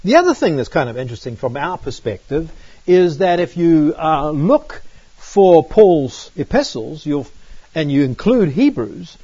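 A man's voice: a little high, sing-song, measured pace, warm tone, slightly rough, dry recording, muffled recording. A man giving a Bible study lecture, explaining passages and reading scripture aloud, often checking in with "right?". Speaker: Bible teacher.

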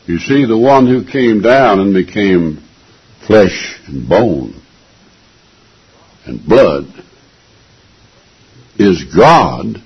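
A man's voice: low voice, highs cut off. A man preaching a sermon in an earnest, emphatic way, repeating phrases to drive them home. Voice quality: gravelly, raspy.

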